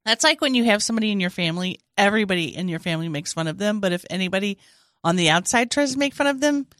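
A woman joins a casual chat with playful, expressive reactions. Her pitch swings up and down freely, and she sounds close and dry. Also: no room sound. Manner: playful, expressive, quick to laugh.

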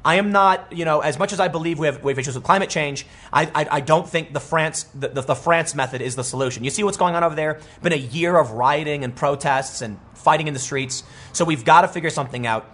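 A man in his thirties giving casual political commentary, animated and rambling, with many restarts and quoted asides. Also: on the high side, quick pace.

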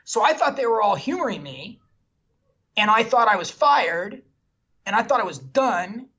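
Husky man telling a candid story. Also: high voice, big pitch swings, normal speed, sharp tone, highs cut off. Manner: self-deprecating, candid storyteller. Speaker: film director guest. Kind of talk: animated anecdotal storytelling.

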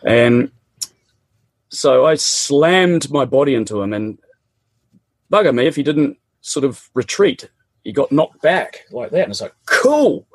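Middle-aged Kiwi man, husky, dry close sound, lively colloquial storyteller. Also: medium pitch, unhurried, pauses often, dry recording. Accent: New Zealand. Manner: animated, laughs often, colloquial. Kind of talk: casual personal storytelling.

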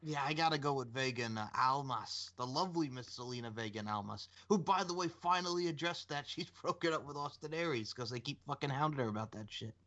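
A man's voice: medium pitch, fast, few pauses, bright, forceful tone. A man co-hosting a casual chat, easygoing, with hesitant restarts. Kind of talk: casual chat, wrestling predictions.

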